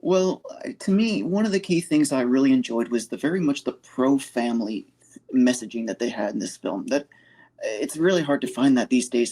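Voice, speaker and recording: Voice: mid-range voice, mellow. A guest in a casual movie review chat, agreeable and a little hesitant, with fillers. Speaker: co-host guest.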